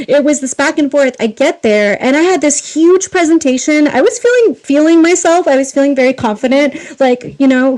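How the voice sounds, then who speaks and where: A woman guest on a podcast, a film costumer, telling casual stories with an animated, self-deprecating manner and frequent laughter. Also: sits high, brisk, poor audio.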